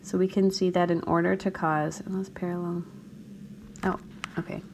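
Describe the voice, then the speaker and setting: A woman's voice: on the low side, level tone, moderate pace, darkish tone, slight background noise. A woman teacher talking through a chemistry problem in a recorded screencast lecture, often checking in with her students. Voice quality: morning voice, a bit gravelly.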